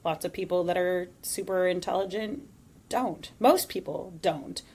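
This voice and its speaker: A woman co-hosting a casual podcast, chatty and animated, laughing often. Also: lowish voice, measured pace, breathy edge. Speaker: podcast co-host.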